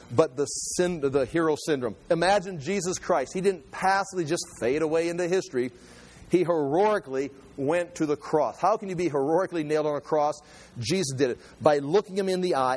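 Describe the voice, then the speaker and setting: A man preaching a Bible teaching sermon in an animated, emphatic way, often repeating his phrases. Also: fairly high pitch. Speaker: pastor. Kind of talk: expository sermon.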